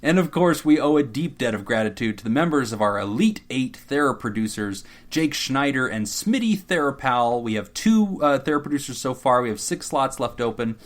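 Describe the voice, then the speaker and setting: A man's voice: medium pitch, animated, normal speed, few pauses. A man co-hosting a casual podcast, reading out supporter thank-yous with frequent laughter. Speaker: podcast co-host.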